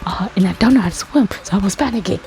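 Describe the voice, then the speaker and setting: A woman's voice: fast talker, a little mellow, low-quality recording. A woman telling a childhood story in a casual storytime monologue, rambling with lots of restarts and fillers, and getting exasperated. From America. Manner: exasperated, rises high when complaining. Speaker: storytime host.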